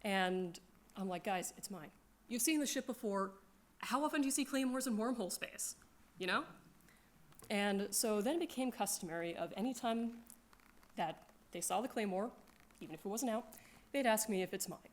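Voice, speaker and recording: A woman telling casual, animated stories about her gaming group, laughing often and acting out her friends' lines. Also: medium pitch, moderate pace. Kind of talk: casual storytelling to a crowd.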